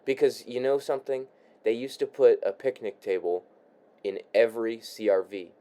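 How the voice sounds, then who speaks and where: A man's voice: medium pitch, steady tone, warm tone. A young man talking casually in his room while building a paper model, rambling with many restarts, sighs and casual swearing. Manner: halting, repeats words, sighs, swears casually. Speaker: vlogger.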